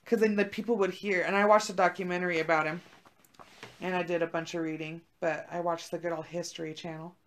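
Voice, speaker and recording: A woman's voice: fairly low pitch, little pitch movement, fast talker. Casual, profane young woman storyteller. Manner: profane, laid-back storytelling with lots of "like". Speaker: podcast co-host. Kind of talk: casual chat.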